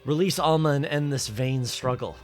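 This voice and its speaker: A man's voice: medium pitch, normal speed, soft background music, voice pushed up, close to an everyday voice. A man doing a righteous young hero. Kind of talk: fan voice-over of game dialogue.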